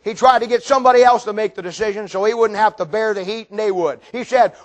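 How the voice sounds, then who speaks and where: An older man preaching a sermon with fervent, dramatic storytelling that swings from loud to hushed. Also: high-pitched, quick pace, few pauses.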